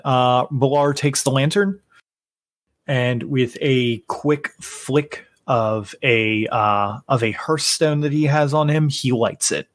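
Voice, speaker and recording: A man narrating as game master, unhurried, with frequent fillers and self-corrections. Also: mid-range voice, no room sound, clean studio sound.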